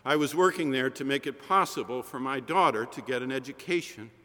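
A man's voice: mid-range voice, brisk, fairly bright tone, in a large hall, natural voice. A preacher voicing a tearful, proud old mother. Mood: tender. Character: humble older mother weeping with joy.

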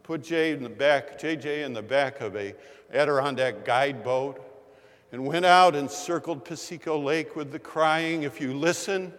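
A man in his sixties preaching a sermon in a chapel, telling a story in a measured, unhurried way. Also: mid-range voice, fairly bright tone. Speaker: pastor. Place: large chapel. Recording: long reverb of a chapel.

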